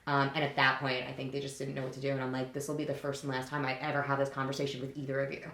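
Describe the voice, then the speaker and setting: A middle-aged woman co-hosting a podcast talks in a rumbling low, rapid-fire voice with a roomy sound. In casual chat she tells stories with animation, acting out the voices in quotes.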